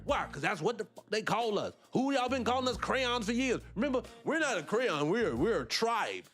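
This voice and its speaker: This man, a channel host from the United States with a Black American English accent, delivers heated, profane reaction commentary at a moderate pace with few pauses. Soft music plays behind him as he swings animatedly between loud and low.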